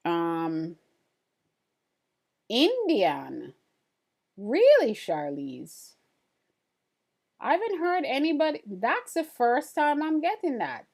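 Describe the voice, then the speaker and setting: A woman's voice: a little high, wildly swooping pitch, slow, vocal fry, pauses often, a little mellow. A woman with an Antiguan accent hosting a live stream, chatting casually and with curiosity as she answers viewer comments. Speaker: livestream host.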